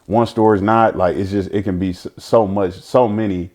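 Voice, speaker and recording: Speaking on the low side with a slightly mellow tone, fairly even intonation, and moderate pace, a guest reflects earnestly in a candid conversational interview. He is the father of an autistic son and frequently uses fillers and restarts his sentences.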